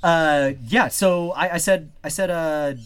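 A man's voice: fairly high pitch, clear, resonant tone. A man co-hosting a podcast, bantering casually and profanely about music. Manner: lively, profane, quick banter. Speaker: podcast co-host. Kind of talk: casual music review chat.

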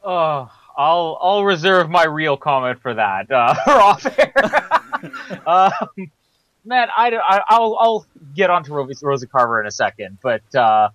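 A man's voice: a little high, very animated, unhurried, fairly bright tone, rough recording. A man co-hosting a film podcast in casual chat, rambling and teasing with chuckles. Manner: teasing, rambling, chuckles through his points. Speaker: podcast co-host.

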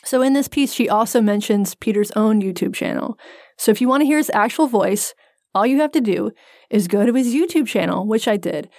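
Woman co-host, wry storyteller, mid pitch, dry close mic. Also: expressive, fairly quick, a little mellow, no room sound. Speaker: podcast co-host. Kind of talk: casual chat.

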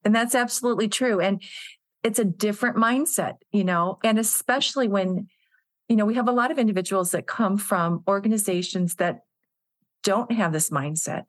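A woman's voice: medium pitch, normal speed, no room sound. A woman executive director speaking as a podcast guest, telling workplace stories in an earnest, conversational way. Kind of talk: casual interview conversation.

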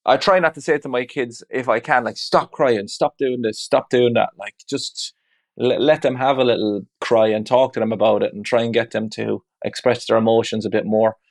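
A man's voice: medium pitch, fairly even intonation, a little fast. A man speaking as a father in an interview, reflective and open, talking candidly with frequent "you know" asides. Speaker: guest; father of two.

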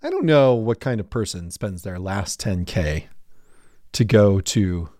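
A man co-hosting a podcast, chatting in an animated, jokey way. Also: fairly low pitch, measured pace, dry recording, studio quality. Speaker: podcast co-host. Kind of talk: casual podcast chat.

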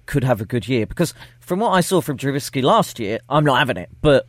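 A man's voice: medium pitch, sing-song, fast talker, dry recording. A man co-hosting a sports podcast, casual, laid-back and teasing. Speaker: podcast co-host.

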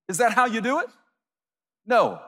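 A man preaching a sermon as pastor, animated, acting out imagined voices of his listeners. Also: a little high, big-room sound.

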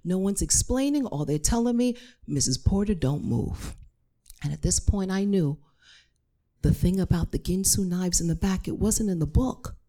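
A woman's voice: medium pitch, lively intonation, moderate pace, mellow. A woman telling a personal story in a dramatic, emphatic way, with lots of repetition.

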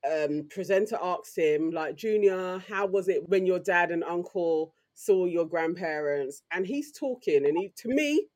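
A woman with a London accent, co-hosting a podcast and telling stories in a lively, slangy way. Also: lowish voice, measured pace, hardly any pauses. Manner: animated, slangy storytelling. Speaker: podcast co-host. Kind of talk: casual chat.

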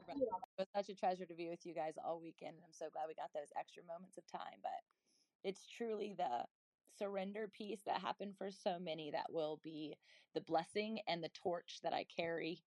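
A woman's voice: low voice, no echo, low-quality recording. A woman hosting a faith-based audio chat room, effusive and affectionate as she thanks the people who speak. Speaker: host.

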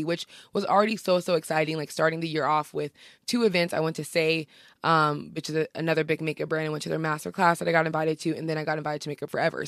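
A woman's voice: low voice, no echo, clean studio sound. A young woman hosting a podcast, chatting casually and gushing with lots of slang. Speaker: podcast host. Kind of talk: casual chat.

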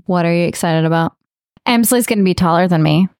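A woman's voice: lowish voice, a little fast, a little mellow, clear, resonant tone, dry recording, clean studio sound. A woman co-hosting a podcast, chatting in a playful, talkative way. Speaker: podcast co-host. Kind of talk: casual banter.

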